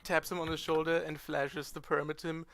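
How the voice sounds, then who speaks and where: A woman's voice: sits low, little pitch movement, fairly quick, a bit bright, a little hiss or hum. Hesitant woman player in a tabletop game. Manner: hesitant, repeats words.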